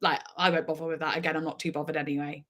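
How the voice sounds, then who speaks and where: A woman's voice: low-pitched, little pitch movement, very fast, fairly bright tone. Chatty woman on a livestream. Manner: rambling, chatty, laughs often. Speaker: music reaction YouTuber. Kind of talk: casual livestream chat.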